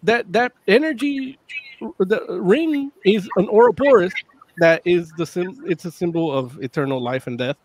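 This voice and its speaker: A man co-hosting a casual movie chat, explaining eagerly with quick restarts. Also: high voice, darkish tone, slight background noise.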